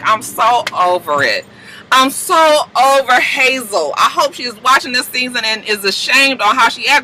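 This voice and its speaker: Bright-voiced woman recapping reality TV. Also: a little high, a little hiss or hum, poor audio. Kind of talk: casual profane episode recap.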